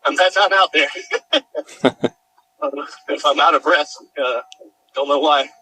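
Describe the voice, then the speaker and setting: A man's voice: a little high, takes it slowly, slightly rough. A man on a phone call outdoors at night, searching a field for his lost dog and calling out to her. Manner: calls out loudly and warmly to a dog.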